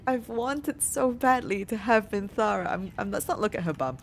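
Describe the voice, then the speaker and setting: A chatty woman commentates her gameplay, quickly growing excitable and apologising often. Her voice sits at a middle pitch. Faint background noise runs behind her. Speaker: let's play streamer.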